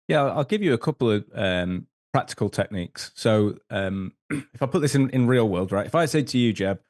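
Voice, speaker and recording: A man's voice: on the low side, brisk, few pauses, darkish tone. A man, a sales consultant guest on a podcast, explaining techniques and acting out little sample conversations. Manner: acts out sample dialogue, frequent um fillers.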